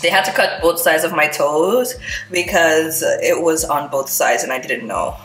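A young woman talks straight to her viewers in a casual home vlog. Her voice is bright and a little low for a woman. She sounds excitable, and the room around her is echoey with some faint background noise. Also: measured pace, faint music behind. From Jamaica. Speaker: vlogger.

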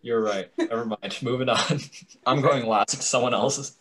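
A man's voice: mid-range voice, measured pace, fairly bright tone. A teenage boy co-hosting a student podcast in casual, playful chat, steering the topics and cracking jokes. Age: teens. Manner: playful, jokey, leads the topics.

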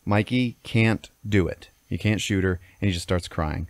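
A man with a very low voice tells a story on a podcast in a casual, profane way. He keeps stopping to check in with "okay?" and "all right?". The sound is dry and close. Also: normal speed, dry recording. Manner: swears constantly, checks in with "okay?". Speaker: podcast host telling a story. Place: podcast studio.

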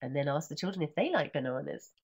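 Animated, husky woman reading a picture book. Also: sits low, fast talker, highs cut off. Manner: animated, sing-song chanting of the refrain. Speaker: teacher trainer. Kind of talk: reading a picture book aloud with teaching commentary. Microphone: computer microphone in an online session.

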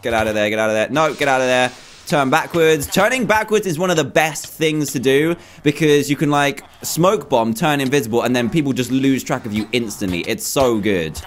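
A young man commentating live on his own gameplay, excitable and quick to exclaim, often repeating himself. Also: mid-range voice, a little hiss or hum. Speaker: gaming YouTuber.

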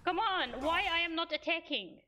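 A woman's voice: very high-pitched, moderate pace, background noise. Exasperated young woman streaming gameplay. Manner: exasperated, venting, animated. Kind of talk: live gameplay commentary.

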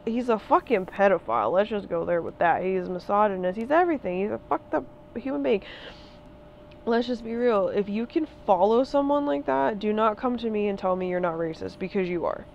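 A woman's voice: medium pitch, darkish tone, lo-fi sound, slight background noise. A woman in her twenties ranting in a vlog, heated, emphatic and profane, hammering her points with repetition. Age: 20s. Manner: repeats phrases for emphasis. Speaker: vlogger. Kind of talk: ranting monologue.

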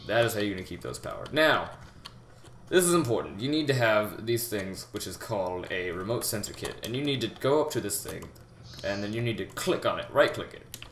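A young man giving a rambling, halting game tutorial, full of fillers and restarts, talking as if out of breath. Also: lowish voice, animated. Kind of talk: casual gameplay tutorial. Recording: echoey room with loud background noise. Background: keyboard typing and mouse clicks.

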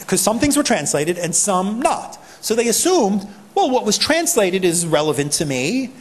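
A man with a New York accent giving a conference talk, animated and acting out people's reactions. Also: a little high. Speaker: privacy advocate speaker. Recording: long hall reverb.

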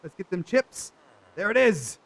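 Chatty high-voiced young man gaming. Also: sing-song, measured pace, creaky, a bit bright, rough recording. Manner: chatty, talks to viewers, jokey asides. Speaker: gaming channel host. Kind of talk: casual let's play commentary.

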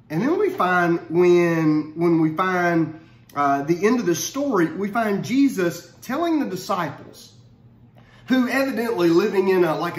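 A man giving a casual Bible study talk, conversational and animated, often restarting his phrases. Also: high-pitched. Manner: conversational, repeats words when restarting, animated. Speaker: Bible teacher. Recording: roomy echo.

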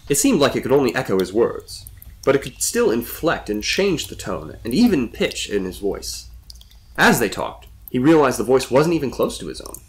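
A man reading a suspenseful story as a storyteller with steady narration. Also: medium pitch.

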